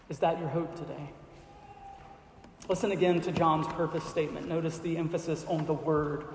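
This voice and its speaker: A man's voice: a little high, fairly even intonation, moderate pace, noisy background. A man pastor preaching an earnest sermon to his church and closing in prayer. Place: church hall. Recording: echoey hall with long reverb.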